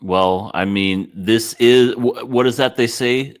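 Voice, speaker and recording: A man co-hosting a podcast in casual chat, pushing back on the others with wry, deadpan remarks. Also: mid-range voice, takes it slowly. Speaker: podcast co-host.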